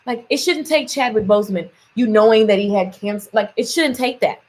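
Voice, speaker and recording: A mid-range, slightly mellow voice moves at a fairly quick pace as a woman vlogs. She tells playful, casual stories and gives motivational talk, laughing often and doing voices when quoting.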